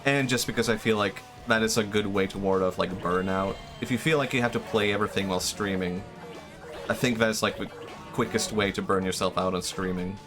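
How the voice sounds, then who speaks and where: A man's voice: fairly low pitch, fairly even intonation, a little fast. A man streaming a game, chatting casually and thinking aloud with lots of fillers and restarts. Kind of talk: casual gameplay commentary. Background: game music.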